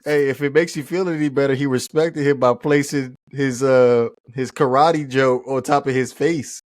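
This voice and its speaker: A man's voice: mid-range voice, fairly even intonation, moderate pace, slight background noise. A man in a casual movie chat who argues his points and often restarts his phrases.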